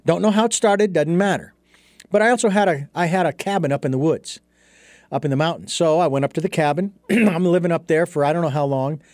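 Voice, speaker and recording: A man speaks as an interview guest and tells his story in an earnest, thoughtful way. His voice sits a little high. The sound is close and dry. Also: fairly quick, darkish tone, dry recording. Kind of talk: reflective storytelling in conversation.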